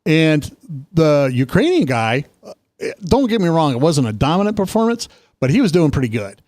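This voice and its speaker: A man co-hosting a casual political talk show, telling stories with lively emphasis. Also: no room sound. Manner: animated storytelling, quick pitch jumps. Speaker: co-host.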